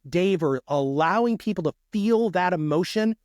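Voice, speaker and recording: A man who is a guest on a podcast, talking in an energetic and emphatic way and often calling the host dude. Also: sits high, moderate pace, clean tone, no room sound, clean studio sound. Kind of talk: casual podcast conversation.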